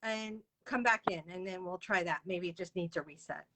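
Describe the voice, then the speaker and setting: A livestream interview host greets viewers by name and chats casually over a video call. She speaks at a moderate pace in a somewhat low, slightly bright voice.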